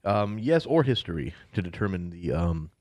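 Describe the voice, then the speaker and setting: Male game master, very low voice, easygoing filler-heavy narration, dry sound. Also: sing-song, moderate pace, a little mellow, dry recording.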